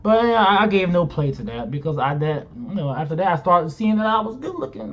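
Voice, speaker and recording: A man's voice: a little high, sing-song, a little fast, hardly any pauses, a little hiss or hum. A man vlogger casually telling a personal story, rambling with many restarts. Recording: dull lo-fi home recording.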